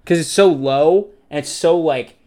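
A man's voice: on the high side, a little slow, a little mellow. A young man co-hosting a casual chat, hesitant and full of restarts, laughing often.

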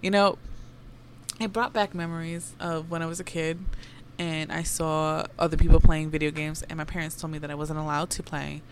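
On her podcast, a young woman rants casually and candidly, wandering off topic, cursing openly and dropping in bits of Spanish. She has a deep voice with flat delivery at a moderate pace, and there's slight hiss or hum.

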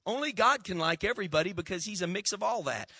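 A pastor preaching a sermon, telling folksy stories and calling on the congregation to answer back. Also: male voice, high-pitched, animated, fast talker, creaky, pushed and bright, husky, dry recording.

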